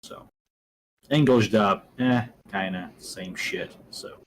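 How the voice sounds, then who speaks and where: A man's voice: on the low side, slow, a little hiss or hum. A man on a casual podcast chat, blunt and dismissive.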